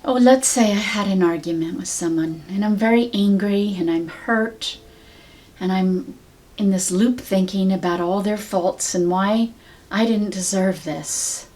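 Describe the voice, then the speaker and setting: A woman teaching a sound healing technique in a calm, measured, soft-spoken way, guiding the listener step by step. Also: mid-range voice. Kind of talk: slow guided teaching.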